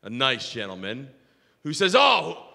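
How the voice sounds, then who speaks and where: A male pastor preaching a sermon, telling stories in an animated way with self-mocking humor. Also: fairly high pitch, a little slow, in a large hall. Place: church sanctuary.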